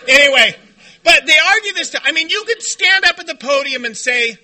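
High-pitched, bright-voiced man telling stories. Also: a little fast. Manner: animated and joking, shouts when acting out quotes. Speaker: recovery meeting speaker. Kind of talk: storytelling talk to a meeting. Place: meeting room before a group.

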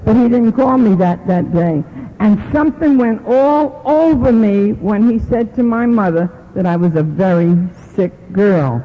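A middle-aged woman gives an animated personal testimony at a recovery meeting, acting out the voices she quotes. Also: medium pitch, measured pace. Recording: lo-fi recording in a reverberant hall.

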